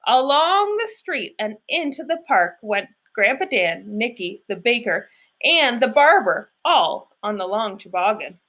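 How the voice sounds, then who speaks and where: A woman reading a children's picture book aloud in an expressive, storytelling way. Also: a little high, measured pace, muffled recording. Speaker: storybook reader.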